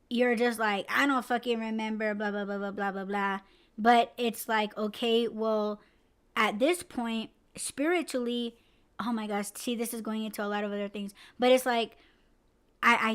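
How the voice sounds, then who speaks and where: A woman's voice: a little high, clean tone. A woman podcast host in casual chat, rambling with lots of fillers and swearing freely. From United States.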